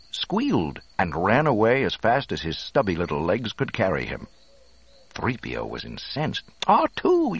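A man narrating a storybook in an expressive, dramatic reading. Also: sits low, breathy edge, no echo.

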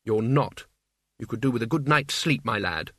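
A man playing a brisk, snappish young woman. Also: mid-range voice, expressive, fairly bright tone, no room sound, studio quality.

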